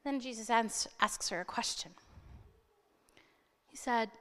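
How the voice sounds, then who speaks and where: Animated woman preacher, high voice, storytelling sermon in a reverberant hall. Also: measured pace. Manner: animated, dramatic retelling with asides.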